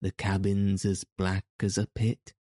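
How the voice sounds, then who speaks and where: A man's voice: sits low, monotone, measured pace, mellow, no room sound, studio quality. A man reading an audiobook, voicing a frightened male pirate who speaks in a hollow, gibbering way. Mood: fearful.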